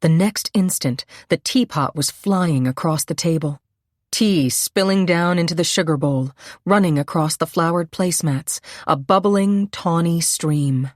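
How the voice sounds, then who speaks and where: A woman narrating a suspense novel in a measured, steady storytelling voice on a close microphone. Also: lowish voice, no room sound. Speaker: audiobook narrator. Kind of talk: scripted narration.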